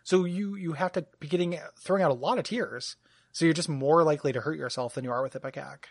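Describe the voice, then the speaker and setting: A man's voice: a little high, fast, husky, no echo, studio quality. A man co-hosting a casual gaming podcast, chatty and rambling. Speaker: podcast co-host.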